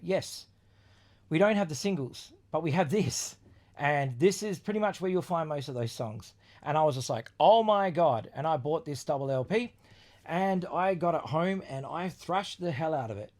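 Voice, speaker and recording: A man's voice: on the high side, darkish tone. Enthusiastic, swearing man in casual chat. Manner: enthusiastic, swearing, rambling with fillers. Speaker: vlog host reviewing his record collection.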